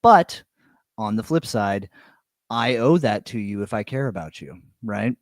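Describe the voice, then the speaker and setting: Chill podcast dude, lowish voice, cusses a lot, dry studio sound. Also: male voice, expressive, unhurried, dry recording. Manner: laid-back, swears a lot, says "dude" often. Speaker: podcast co-host. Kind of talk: casual podcast chat.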